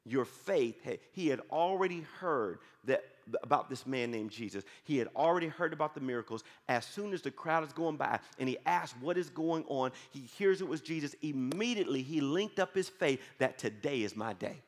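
A man preaching a lively sermon with call-and-response to his congregation. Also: mid-range voice, normal speed, few pauses. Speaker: pastor. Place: church sanctuary. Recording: long reverb of a church hall.

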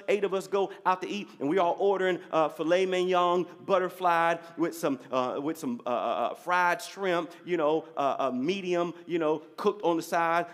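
A male pastor, preaching a sermon and checking in with the congregation again and again. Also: fairly high pitch. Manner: preacher's call-and-response, repeating "you got it?"; swings between quiet asides and loud exhortation.

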